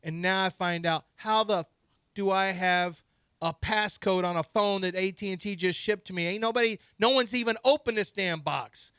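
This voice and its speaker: A man in his forties co-hosting sports radio, telling stories in casual banter and getting loud as he acts out what people said. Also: sits high, moderate pace, clean tone, no room sound, clean studio sound. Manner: animated storyteller, acts out quotes and gets loud when riled.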